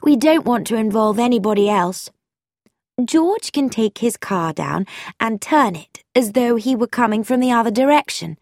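A woman doing a bright, eager young lady. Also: on the high side, expressive, normal speed, no room sound, clean studio sound, voice pushed up. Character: hearty young woman, playful, daring.

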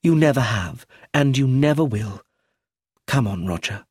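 A man's voice: mid-range voice, lively intonation, unhurried, darkish tone, breathy edge, no room sound, voice pushed up. A man voicing a curt, annoyed young wife in a storybook reading.

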